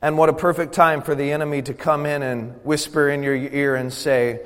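A male pastor preaching a sermon, emphatic and repetitive, building from quiet to forceful. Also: a little high, fairly even intonation, a little fast, hardly any pauses, clear, resonant tone, long reverb tail.

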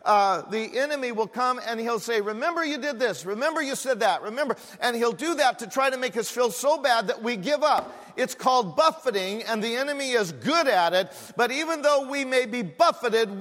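High-voiced preacher in an echoey hall. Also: male voice, lively intonation, normal speed, few pauses, a bit bright. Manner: preaching with rising fervor, repeating phrases. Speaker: pastor. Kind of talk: sermon. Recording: echoey hall with long reverb.

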